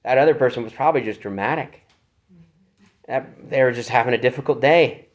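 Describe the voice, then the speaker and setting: A man's voice: medium pitch, a little fast. A man preaching an expository sermon, earnest and searching for words, with fillers and restarts. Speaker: pastor.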